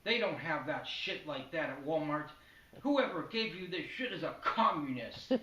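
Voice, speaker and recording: A man's voice: on the high side, animated, normal speed, sharp tone. A man doing a foul-mouthed paranoid sitcom dad. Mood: gruff. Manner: gruff, profane outbursts. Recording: echoey room, distant mic.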